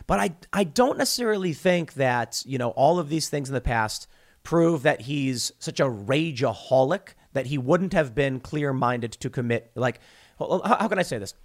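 A man delivers opinionated solo commentary. His voice sits a little high and swings widely. He restarts sentences often and breaks into mocking put-on quotes. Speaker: political commentary host.

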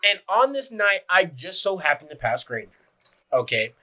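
A man's voice: high-pitched, very animated, normal speed, sharp tone, low-quality recording. A young man hosting a podcast, telling a rambling story to friends with profane asides and laughter. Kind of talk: casual storytelling among friends.

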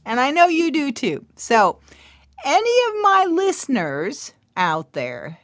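Animated woman podcast host, slow and lilting. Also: high-pitched, dry recording, clean studio sound. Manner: animated, thoughtful humming fillers, laughs easily. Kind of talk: storytelling and podcast intro.

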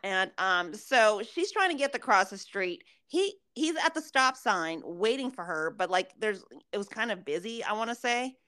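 A woman's voice: mid-range voice, animated, moderate pace, hardly any pauses, sharp tone, no room sound. A middle-aged woman co-hosting a podcast, telling stories in blunt, profane casual chat. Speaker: podcast co-host.

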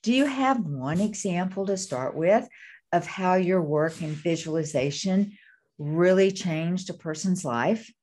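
A woman's voice: on the low side, expressive, unhurried, a little mellow. A woman interviewing a guest, with conversational, brief questions.

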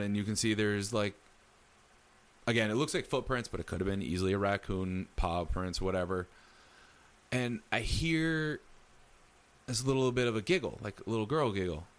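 A man with a somewhat low voice tells a story in relaxed conversation. He talks animatedly, and his voice jumps up whenever he acts out what someone said. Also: normal speed, long pauses, clear, resonant tone. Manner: animated storyteller acting out quoted dialogue. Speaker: storyteller recounting a ghost encounter. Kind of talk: casual chat.

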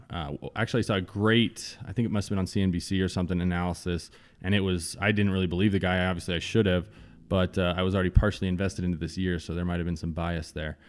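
A man's voice: low-pitched, clean tone. A man with a frank, rambling way of talking, chatting casually as a hemp farmer on a podcast.

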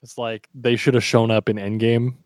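Animated man acting out quotes. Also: mid-range voice, moderate pace, dry recording, studio quality. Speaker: podcast co-host. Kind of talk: casual chat.

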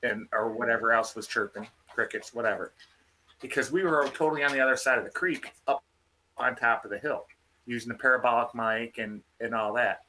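A man telling a field story in a casual, animated way, restarting his sentences often. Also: medium pitch, brisk, slight background noise. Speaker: field researcher guest.

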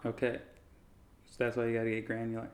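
A man co-hosting a podcast, chatting casually and explaining things in a relaxed way. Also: mid-range voice, fast talker, background noise. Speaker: podcast co-host. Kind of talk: casual chat.

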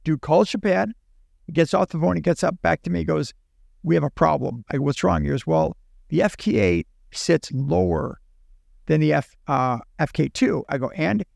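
Gravelly man telling a story. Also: fairly high pitch, moderate pace, no room sound, studio quality. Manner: animated, acts out dialogue in his own voice. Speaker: podcast guest. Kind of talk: casual storytelling.

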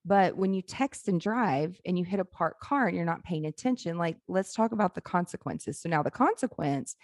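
A woman's voice: lowish voice, expressive, normal speed, darkish tone, no room sound, studio quality. A woman in her forties telling candid family stories in casual chat, laughing and swearing now and then.

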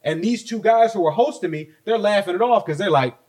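A man's voice: sits high, brisk, darkish tone. A young man co-hosting a podcast in casual chat, telling a story and acting out the quotes with some swearing. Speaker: podcast co-host.

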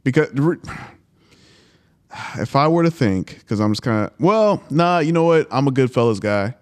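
A man's voice: medium pitch, lively intonation, a little slow, a little mellow, clear, resonant tone. A man hosting a podcast, talking in a laid-back, casual way with lots of "yeah, man". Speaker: podcast host. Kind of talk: casual chat.

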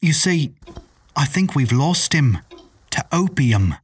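A weary young maid speaks softly and guardedly, read by a man. Her voice is hushed and a little husky, as in a storybook reading. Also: a little high, big pitch swings, slow, recorded from a distance, heavily acted. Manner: soft, hushed.

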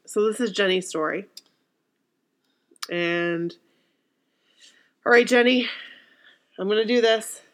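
A woman with a middle-pitched voice, teary and sniffling, who laughs through her emotion. She chats casually with a co-host and reads heartfelt stories aloud in a halting way. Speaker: podcast co-host reading listener stories. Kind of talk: casual chat and reading aloud.

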